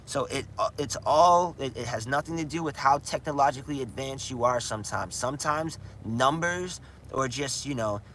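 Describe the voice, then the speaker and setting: A man's voice: medium pitch, normal speed, few pauses, a bit bright. A chatty man ramble-talking on a casual livestream, tossing "dude" into his sentences. His voice sits in an ordinary middle range. Faint outdoor noise and passing traffic hum underneath. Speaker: gaming livestreamer.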